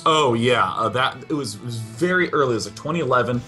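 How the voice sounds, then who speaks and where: A man's voice: medium pitch, lively intonation, pushed and bright, soft background music. Eager, joking esports co-caster, a man. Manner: eager, joking, quick to laugh. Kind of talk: live game commentary.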